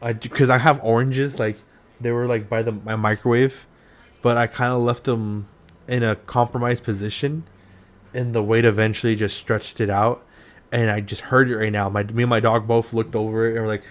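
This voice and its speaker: A man's voice: mid-range voice, flat delivery, moderate pace. A man hosting a loose, casual chat from his home, his voice sitting in an ordinary middle register. He swears freely, piles on fillers and restarts, and talks the way he would with friends. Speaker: podcast host. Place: home room.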